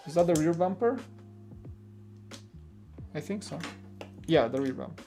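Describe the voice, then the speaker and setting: A man with a slightly raised voice hosts a live building stream. He rambles casually with plenty of filler words and answers viewers' comments as they come in, while soft music plays behind him. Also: fairly high pitch, animated, measured pace, pauses often. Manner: reads and greets viewer comments. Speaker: live-stream host building a toy set.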